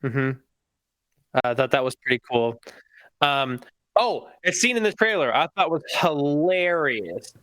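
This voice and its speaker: A man's voice: a little high, big pitch swings, unhurried, a bit bright, no room sound. A young man co-hosting a movie stream, blunt and terse, often answering with short agreements. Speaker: podcast co-host. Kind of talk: casual movie chat.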